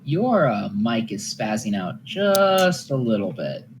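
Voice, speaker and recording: A game master narrating a tabletop session in a lively way and laughing easily. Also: mid-range voice, slow pace, noisy background.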